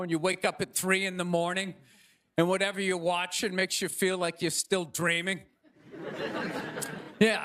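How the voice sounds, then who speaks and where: A man hosting a talk show who opens with a ranting, sarcastic stand-up monologue on stage before a live audience. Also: very high voice. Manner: ranting, sarcastic, rapid asides. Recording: noisy room with loud crowd.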